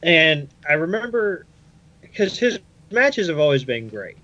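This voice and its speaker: A man's voice: fairly high pitch, very animated, a little slow, bright, forceful tone. Man on a dull lo-fi podcast line. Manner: rambling recollection with fillers. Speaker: podcast co-host. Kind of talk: casual chat. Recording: dull lo-fi audio.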